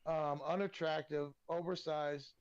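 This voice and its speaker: A man, a podcast guest telling casual, animated stories and swearing freely. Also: a little high, a little slow, dull audio. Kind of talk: casual storytelling.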